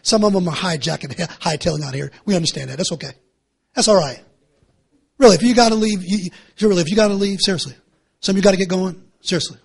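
A middle-aged man preaching a sermon, passionate and repetitive, rising to shouts and dropping to hushed pleas. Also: sits high, quick pace, creaky, husky. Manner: impassioned, repetitive, swinging between shouting and hushed pleading. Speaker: pastor.

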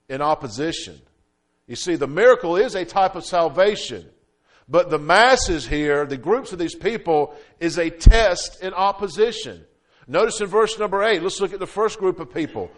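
A man preaching a sermon as pastor, calling out amen and swinging between loud emphatic peaks and low quiet drops. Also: lively intonation, unhurried. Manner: preaching with frequent "amen" calls and fillers.

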